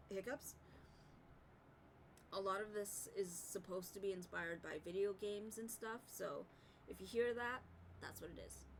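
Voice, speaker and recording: A woman's voice: medium pitch, a little hiss or hum, rough recording. A young woman in casual chat, reacting to music with rambling enthusiasm and the odd swear word. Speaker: reaction video host.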